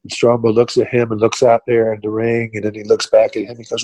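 Low-voiced, rambling New man. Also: flat delivery, fast talker, warm tone, no echo, rough recording. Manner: rambling, many "you know" fillers, laughs at own stories. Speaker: podcast guest, retired wrestler. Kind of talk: casual storytelling interview.

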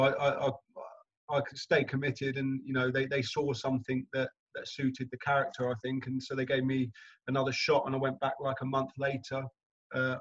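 Animated young man telling a story. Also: mid-range voice, lo-fi sound. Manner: animated anecdotal storyteller, laughing often. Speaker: actor guest. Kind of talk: casual interview chat.

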